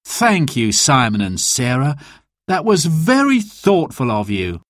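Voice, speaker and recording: A man voicing a kindly, tired father who sighs gently, in a storybook reading. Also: mid-range voice, wildly swooping pitch, slow pace, dry recording, clean studio sound, voice pushed up, heavily acted. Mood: gentle. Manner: gentle, sighing.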